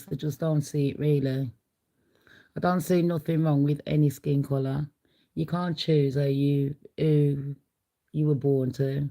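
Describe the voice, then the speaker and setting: A woman's voice: low voice, fairly even intonation, takes it slowly, long pauses, mellow, poor audio. A middle-aged woman hosting a casual livestream, chatty and blunt, laughing often. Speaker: livestream host.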